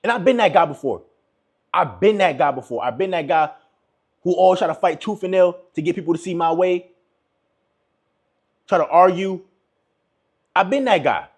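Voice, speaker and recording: A man's voice: high-pitched, moderate pace, pauses often, slightly rough. A young man giving relationship advice to viewers in a casual, emphatic monologue, repeating his points and calling listeners bro.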